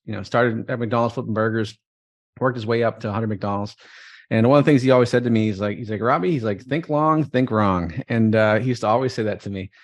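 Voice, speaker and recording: A man who is the guest entrepreneur on a podcast, talking casually and packing his sentences with fillers. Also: medium pitch. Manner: fast-talking, full of fillers like "you know". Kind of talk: casual interview chat.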